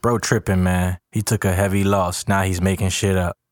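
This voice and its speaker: A man's voice: low voice, flat delivery, normal speed, no echo, studio quality, natural voice. A man voicing a laid-back young man who shrugs off his cousin's story. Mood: dismissive. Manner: dismissive slang.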